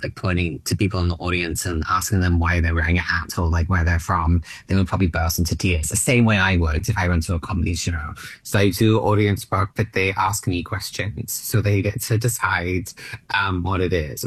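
A comedian from Australia in his late thirties talks in a low voice that sounds close and dry. He rambles playfully, filling his sentences with likes and ums. His delivery is loose and chatty. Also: no echo. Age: late 30s. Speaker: stand-up comedian guest. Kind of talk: casual interview chat.

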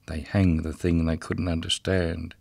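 A man's voice: deep voice, flat delivery, a little slow, gravelly, a little mellow, dry recording, voice pushed down, full character voice. A man reading a rhythmic dramatic monologue as the ghost of a murdered, drunken prison guard, bitter and mocking. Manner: rhythmic, incantatory delivery.

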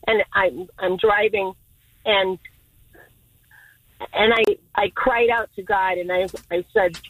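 A woman's voice: mid-range voice, fairly even intonation, takes it slowly, long pauses, a bit bright, no room sound, poor audio. Woman radio caller, choked with emotion, calling while driving, dry sound. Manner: stumbling, repeating words. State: emotional, near tears.

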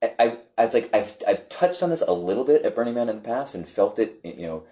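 A man telling a story in a casual group conversation, halting and repeating words, animated when he quotes others. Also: mid-range voice.

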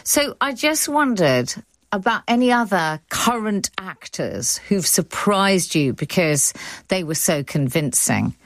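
A woman from India hosting a radio arts show, lively and conversational with quick asides. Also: mid-range voice, dry recording. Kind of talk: radio presenting.

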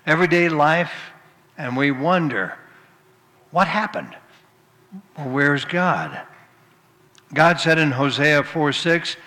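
Male preacher, folksy storyteller, bright forceful tone, reverberant room. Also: on the high side. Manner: folksy storytelling, tells jokes then turns to scripture. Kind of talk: sermon with jokes.

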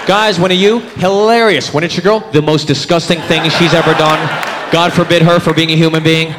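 A man's voice: a little high, fairly quick. A man in his thirties performing a stand-up comedy routine, acting out characters as he goes. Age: 30s. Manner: animated, acts out characters in put-on voices. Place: comedy club stage. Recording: live hall with crowd noise. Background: audience laughter.

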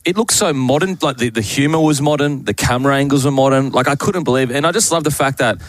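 A man's voice: medium pitch, fast talker, dry recording. Male co-host, earnest, stop-start delivery, dry close mic. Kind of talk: casual radio chat.

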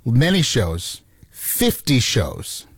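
A man's voice: mid-range voice, wildly swooping pitch, very slow, husky, no room sound. A man co-hosting a radio show, chatting casually and probing with questions. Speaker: co-host. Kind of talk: casual studio chat.

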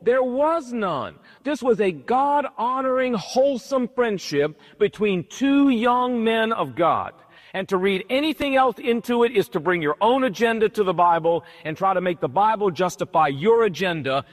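A man's voice: high voice, expressive, normal speed. A man preaching a sermon as pastor, emphatic and conversational, with rhetorical questions. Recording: long hall reverb.

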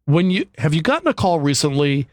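A man's voice: on the high side, very animated, a little fast, dry recording, clean studio sound. Easygoing male radio co-host. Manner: easygoing, storytelling, laughs. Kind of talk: casual radio talk.

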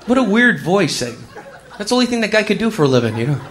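Fast, animated, bright-voiced comic man. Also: sits high, a little hiss or hum. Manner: excitable, rapid, animated storytelling. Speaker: comedian. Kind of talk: stand-up comedy.

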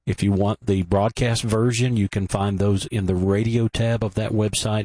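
A man hosting a radio sermon broadcast, giving a measured, explanatory introduction and pointing listeners to the archive. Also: lowish voice, steady tone, warm tone, faint music behind.

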